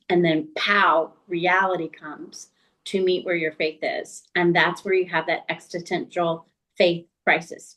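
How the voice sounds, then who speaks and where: A woman's voice: fairly low pitch, fairly bright tone, poor audio. A middle-aged woman author speaking as an interview guest, earnest and thoughtful in her reflections.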